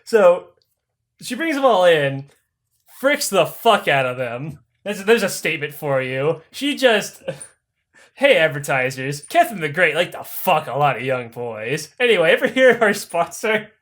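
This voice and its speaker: A young man tells history as a crude, rowdy comedy bit, cursing in nearly every sentence. His voice sits high and swings widely up and down as he talks. He acts out the people in the story as he goes. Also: measured pace. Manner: animated, swears constantly, acts out voices mid-story. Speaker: podcast host.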